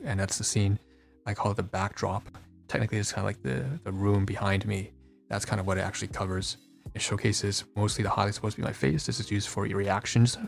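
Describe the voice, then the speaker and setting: A man streamer talking casually through a screen-share walkthrough, halting and often restarting and correcting himself, stressed and feeling dissociated. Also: lowish voice, creaky.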